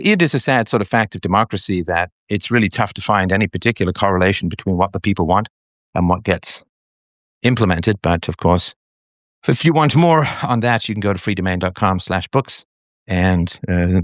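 A man with a fairly low voice hosts a call-in show, speaking in a measured, reflective way. He often repeats himself and pauses on fillers as he thinks. The sound is dry and close, with no room around it. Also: no room sound. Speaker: show host taking callers.

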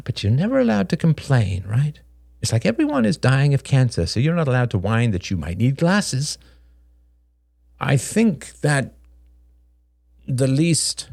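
A man voicing a sharp, frank young woman in an audiobook, talking quickly with wry bluntness. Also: mid-range voice, gravelly, no echo, clean studio sound, full character voice. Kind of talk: audiobook character voice.

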